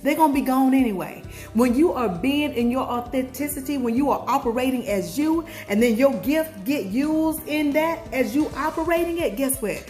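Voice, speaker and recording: High-pitched and animated, a woman vlogger from Georgia, USA, speaks at normal speed with hardly any pauses, her tone a little mellow, soft music behind her. In her Southern accent she preaches a pep talk, asking viewers call-and-response questions and singing bits.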